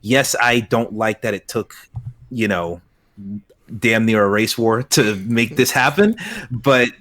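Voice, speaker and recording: A man's voice: fairly low pitch, slow pace, a bit bright, no room sound, studio quality. A man talking as a podcast guest in casual chat, earnest and a bit repetitive. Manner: earnest, repeats himself.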